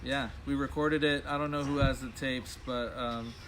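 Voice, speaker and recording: A man's voice: medium pitch, fairly even intonation, moderate pace, a crowd in the background. A man who is a studio musician and producer, talking in a laid-back, rambling way in a casual interview.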